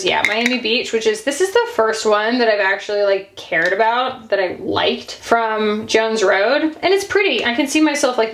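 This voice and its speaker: A woman's voice: a little high, roomy sound, a little hiss or hum. A woman, chatting casually and gushing as she sorts through her makeup. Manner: chatty, sometimes gushing, with frequent "like" and "y'all". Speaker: beauty channel host. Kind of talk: casual chat while decluttering makeup.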